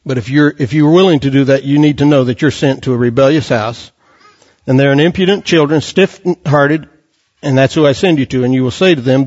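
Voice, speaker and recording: A man's voice: on the high side, lively intonation, quick pace, a little mellow. A man preaching a sermon with passion, quoting scripture and firing off rhetorical questions. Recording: dull lo-fi recording.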